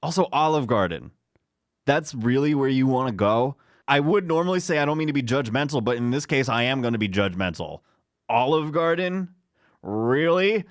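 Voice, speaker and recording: Male podcast co-host, clear tone, dry close mic, joking and teasing. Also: medium pitch, animated, moderate pace, no room sound. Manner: joking, mock-judgmental banter. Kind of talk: casual comedic chat.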